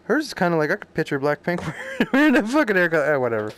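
Lively, crude-talking male streamer. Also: sits high, fast, a little hiss or hum. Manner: crude, joking, swears often, reacts loudly. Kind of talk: casual let's-play commentary, reading subtitles aloud.

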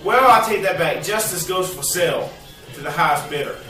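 A man ranting to the camera at home in a bitter, profane vlog, now and then bursting into shouts. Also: a little high, fairly quick, roomy sound, far from the mic, faint music behind. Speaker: vlogger. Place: cluttered home, indoors.

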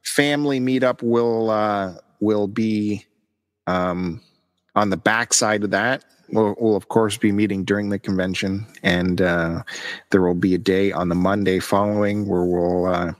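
A man's voice: on the low side, steady tone, measured pace. A man co-hosting a podcast in casual chat, chatty and teasing as he plugs events. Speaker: podcast co-host.

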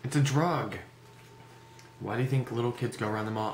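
A man's voice: fairly low pitch, brisk. A man vlogging in a goofy, rambling comedic monologue, joking in a mock-serious way. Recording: echoey room with background noise.

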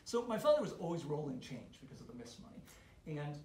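Man, casual storyteller at a club lunch; animated, stumbles and restarts, hall echo. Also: fairly high pitch. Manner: animated, halting with many restarts. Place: meeting room. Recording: roomy hall sound, faint noise.

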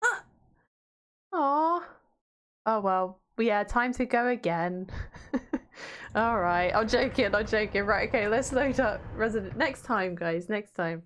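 A woman's voice: mid-range voice, measured pace. A woman with a Yorkshire accent streaming a video game, chatting casually with viewers and swearing freely. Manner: chatty, reads chat aloud, swears casually. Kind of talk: casual gaming stream chat.

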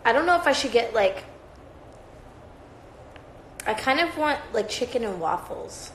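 A woman's voice: fairly high pitch, sing-song, a little slow, a bit bright, a little hiss or hum. A woman hosting a livestream, chatting in a rambling, profane, casual way. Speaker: livestream host. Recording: roomy echoey sound.

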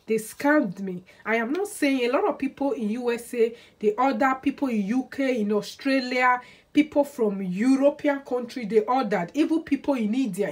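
A woman talks straight to camera in a casual vlog. Her voice sits a little on the high side. She leans hard on her points, repeating phrases over and over in an aggrieved, insistent way. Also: a little mellow. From Nigeria. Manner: emphatic and repetitive, aggrieved. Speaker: hair oil seller and beauty vlogger. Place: indoors, lives in Sweden.

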